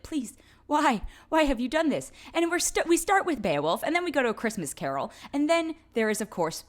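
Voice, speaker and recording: A woman giving a casual, opinionated film review in an exasperated, sarcastic way, with laughs between her complaints. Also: lowish voice.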